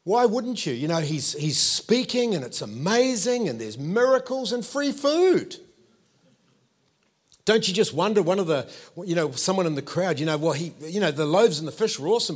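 Animated New preacher in his fifties. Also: high voice, fairly quick. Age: 50s. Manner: animated storytelling, playful asides to the congregation. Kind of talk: sermon.

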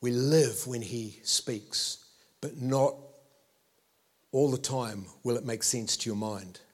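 A man in his fifties with a New Zealand accent, preaching a sermon in a conversational, animated way and checking in with his listeners. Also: medium pitch, takes it slowly, slightly rough.

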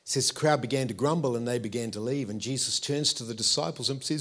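A man, preaching a sermon with animated storytelling and playful asides to the congregation. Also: mid-range voice, fast, few pauses. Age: 50s.

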